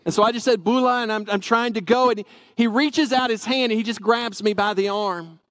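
A man's voice: high voice, a little fast, fairly bright tone, dry recording. A man from Tennessee, animatedly telling a personal story and acting out the dialogue. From Tennessee, USA.

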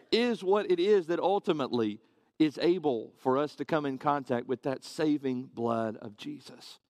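A man's voice: fairly high pitch, a little mellow, no room sound. A man preaching a sermon to his congregation, earnest and conversational, often asking rhetorical questions.

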